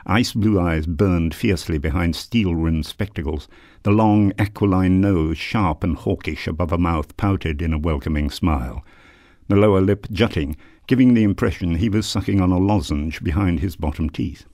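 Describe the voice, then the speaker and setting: A man reading his own literary memoir aloud in a measured, dramatic way. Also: low-pitched, a little mellow, no room sound, studio quality.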